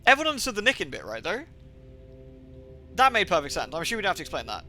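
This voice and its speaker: Bright, animated man streaming. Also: high voice, fast, faint music behind. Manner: jokey and rambling, playing with slang. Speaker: game streamer. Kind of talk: casual live-stream commentary.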